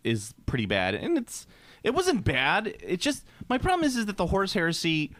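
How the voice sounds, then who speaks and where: A man with a fairly high, very lively voice talks casually on a podcast, joking and restarting sentences as he goes. The sound is dry and close, with no room around it. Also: normal speed, no echo. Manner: chatty, joking, trails off into restarts. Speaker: podcast co-host.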